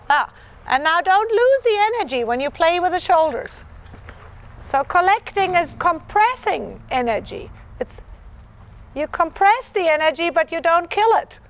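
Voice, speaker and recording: Very high-voiced woman coaching a riding lesson. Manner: encouraging, repeats "yes" and chants rhythms aloud. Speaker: dressage clinician.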